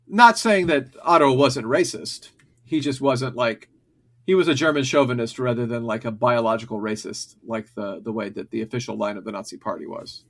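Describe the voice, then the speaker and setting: A man with an ordinary, middle-pitched voice reads history passages aloud on a podcast. Between passages he breaks into loose, hesitant commentary, full of "um"s and restarts. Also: moderate pace. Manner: reads passages, then riffs with many fillers and restarts. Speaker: podcast co-host. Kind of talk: reading an article aloud and discussing it.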